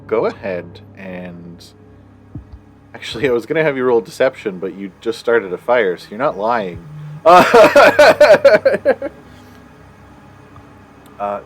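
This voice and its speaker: Slow, lively-voiced game master. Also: male voice, on the low side, slight background noise. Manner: relaxed, laughing, drawn-out narration. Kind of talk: narrating a tabletop game.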